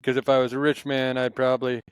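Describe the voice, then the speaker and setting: A man's voice: medium pitch, level tone, quick pace, smooth, dry recording, poor audio. A man in casual conversation, telling stories in a rambling, passionate way, with many restarts. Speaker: podcast guest.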